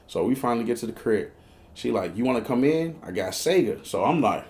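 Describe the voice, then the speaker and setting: A man with a Chicago accent hosting a casual comedic storytelling show, slangy and profane. He acts out both sides of each exchange and jumps into high, squeaky outbursts at the tense moments. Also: expressive, a little fast, darkish tone. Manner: breaks into high, squeaky outbursts when telling panicked moments. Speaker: storyteller host.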